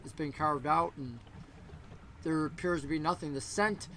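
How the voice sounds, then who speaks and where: A man narrating a tabletop game as game master in a rambling, animated way. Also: a little high, moderate pace, slight background noise, rough recording.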